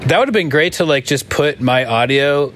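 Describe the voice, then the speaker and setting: A man's voice: fairly high pitch, moderate pace, a bit bright, a little hiss or hum. A man co-hosting a podcast, chuckling and trailing off as he talks. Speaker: podcast co-host. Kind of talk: casual banter.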